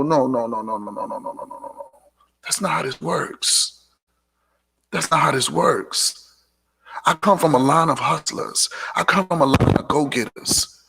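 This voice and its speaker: Hosting a live motivational talk show, a man with a gravelly, sharp-toned, medium-pitched voice preaches self-respect in an emphatic monologue. He repeats lines for punch and drops sassy asides.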